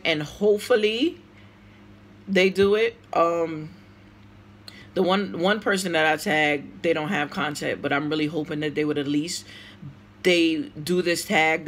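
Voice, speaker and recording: A woman from the United States with a Brooklyn, New York accent vlogs casually to camera, answering tag questions in an emotional, outspoken way. Her voice sits low, at a moderate pace.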